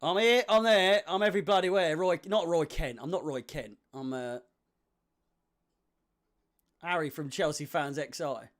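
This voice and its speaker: A young man hosting a live football watch-along, chatting with viewers and getting excitable at chances. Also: a little high, a little slow, pauses often. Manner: excitable, shouts and laughs at chances. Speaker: fan watch-along host.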